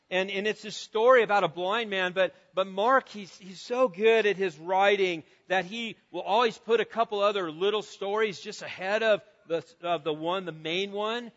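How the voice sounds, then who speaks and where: High-voiced pastor preaching in a reverberant hall. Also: male voice. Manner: earnest, repeats words often, swells to loud cries. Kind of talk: sermon. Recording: dull sound with long reverb.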